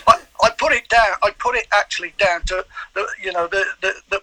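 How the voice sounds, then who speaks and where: An older man, a former footballer, telling animated anecdotes in an interview, stumbling over repeated words. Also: high voice, fairly quick, dry recording, rough recording. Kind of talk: storytelling interview.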